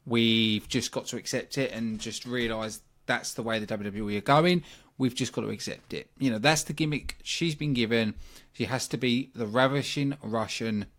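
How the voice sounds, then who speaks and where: A British man hosting a wrestling review at a mid-range pitch, talking in a loose, opinionated way. He breaks up his points with plenty of ums and asides, like someone chatting off the cuff. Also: moderate pace, few pauses, a bit bright. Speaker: wrestling review podcast host. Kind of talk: casual solo review.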